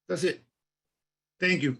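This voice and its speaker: A man on a community council giving earnest, halting reflective remarks at a public meeting, often repeating words. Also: on the high side, vocal fry, fairly bright tone. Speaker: council member.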